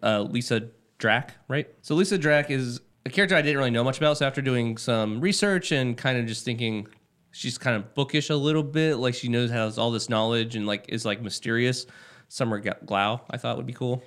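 A young man chatting casually with a group, relaxed and loose, with lots of fillers. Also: mid-range voice, fairly quick. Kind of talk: casual chat.

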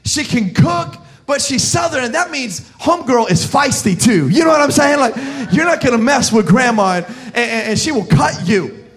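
A man with a very high speaking voice preaches a sermon. He is a pastor from South Florida who tells stories with a lot of animation, cracks jokes and shouts his punchlines. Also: lively intonation, normal speed, faint music behind.

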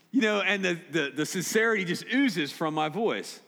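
A man's voice: high-pitched, expressive, normal speed, fairly bright tone. A man preaching a sermon as pastor, direct and emphatic, repeating key points. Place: church sanctuary. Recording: long hall reverb.

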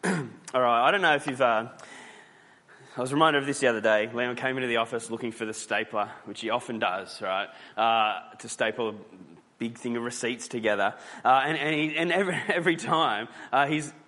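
Bright-voiced preacher in an echoing hall. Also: male voice, mid-range voice, normal speed. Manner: conversational, storytelling with frequent fillers and restarts. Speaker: pastor. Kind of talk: sermon.

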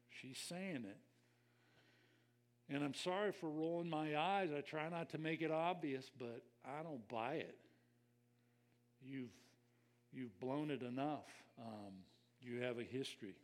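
An older man preaching a conversational sermon as a pastor, reflective and personal, speaking straight to his listeners. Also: mid-range voice.

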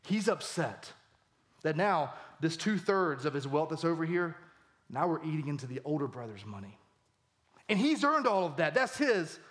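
High-voiced animated preacher man. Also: moderate pace. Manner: animated, voice rising high for emphasis. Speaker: pastor. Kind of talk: sermon.

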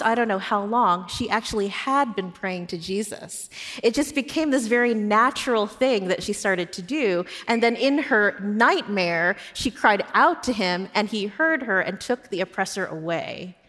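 A woman pastor preaching in an earnest, storytelling manner. Her voice sits in a middle pitch and carries a long reverb, as if it fills a large church hall. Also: lively intonation, measured pace. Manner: personal storytelling, warm and earnest. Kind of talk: sermon.

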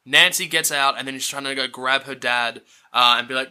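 Man, podcast co-host, mid pitch, very bright timbre, wry casual chat. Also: steady tone, a little fast, smooth. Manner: dry, wry asides, swearing. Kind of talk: casual film recap chat.

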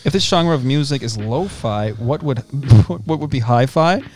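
A man's voice: mid-range voice, expressive, measured pace, darkish tone, soft background music. A man co-hosting a podcast in casual chat, joking and laid-back, using lots of slang. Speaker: podcast co-host.

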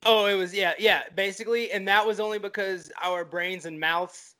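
A man's voice: high voice, fairly even intonation, moderate pace, bright, forceful tone. A man co-hosting a film podcast, rambling enthusiastically with many fillers. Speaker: podcast co-host. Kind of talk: casual film podcast chat.

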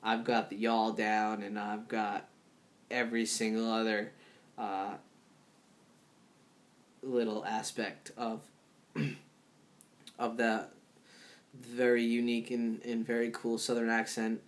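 A man's voice: on the low side, flat delivery, slow pace, pauses often. A man hosting a podcast solo, chatting in a rambling, loose way full of fillers and restarts, laughing at his own remarks. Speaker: podcast host. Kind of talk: casual solo podcast talk.

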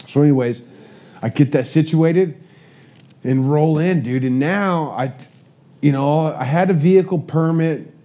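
A man's voice: mid-range voice, warm tone. A man telling a rambling, profane story about his motorcycle ride, saying "dude" constantly. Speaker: motorcycle rally rider recapping his day. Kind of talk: casual storytelling.

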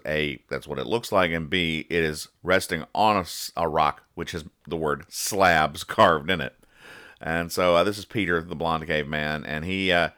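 Deep, sharp, clear and resonant, this man's voice belongs to a podcast host reading comics. His casual, comedic chat wanders, full of jokes, and he explains each punchline.

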